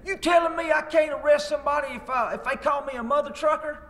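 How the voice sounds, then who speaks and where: A man putting on a loud outraged Southern lawman. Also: very high-pitched, quick pace, big-room sound, a little hiss or hum, pitched above the performer's own voice. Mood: indignant. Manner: shouting, outraged.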